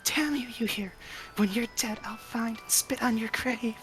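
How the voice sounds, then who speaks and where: A woman's voice: on the high side, moderate pace, a bit bright, natural voice. A woman voicing a foul-mouthed raging fiend. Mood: anguished. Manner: venomous, swearing, slipping into sobs. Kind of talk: voiced visual novel reading. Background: game music.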